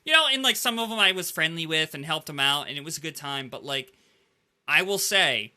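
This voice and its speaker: A man hosts a laid-back gaming podcast and tells his stories with lively, animated energy. His voice sits a bit high and sounds very bright and cutting, and he keeps tossing "like" into nearly every sentence. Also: brisk. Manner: animated storyteller, heavy use of "like". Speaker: podcast host. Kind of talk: casual gaming podcast chat.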